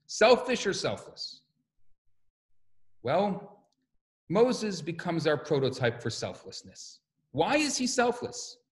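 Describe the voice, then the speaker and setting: Animated male rabbi giving a lecture. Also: high voice. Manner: animated, acts out quotes, repeats words when restarting. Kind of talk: storytelling lecture.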